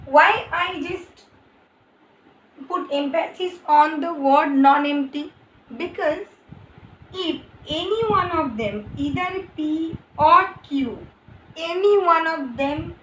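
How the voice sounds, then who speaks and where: A woman with an Indian English accent teaches a math lesson in a high voice. She speaks slowly, restating each point more than once. The recording sounds roomy, with faint background noise. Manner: slow, repeats and rephrases points. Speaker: maths teacher. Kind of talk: explaining math on a board. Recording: echoey room, faint ambient noise.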